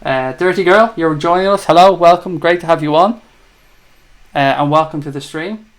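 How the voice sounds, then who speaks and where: A man's voice: a little high, moderate pace. A man with an Irish accent hosting a live fan chat show, reading out viewer comments and bantering in a chatty, teasing way. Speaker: livestream host.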